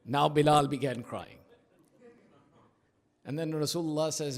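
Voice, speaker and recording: A male preacher giving an emphatic, rhythmic sermon at an Islamic center, telling stories and dropping into hushed asides. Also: a little high, steady tone, measured pace, pauses often, slight background noise. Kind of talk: sermon with storytelling. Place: large prayer hall of an Islamic center. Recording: long hall reverb.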